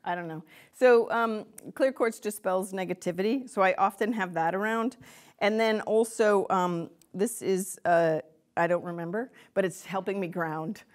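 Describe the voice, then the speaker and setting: A woman's voice: medium pitch, normal speed. Chatty woman leading a spiritual workshop. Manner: chatty, rambling, with many fillers and self-interruptions; laughs often, lively when she acts out quotes. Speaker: lecturer on empaths. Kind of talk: informal spiritual workshop talk. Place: room with a live audience.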